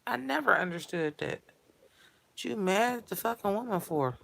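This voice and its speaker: A woman delivering a blunt, foul-mouthed comedic rant in streetwise slang that builds to shouting. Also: medium pitch, lively intonation, normal speed, vocal fry, a little hiss or hum. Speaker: character monologue performer.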